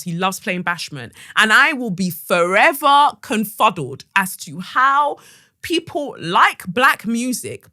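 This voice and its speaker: A woman hosting a podcast and telling a story in a casual, animated, sarcastic way. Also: fairly low pitch, dry recording, clean studio sound. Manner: animated and sarcastic, with acted-out quotes. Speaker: podcast host.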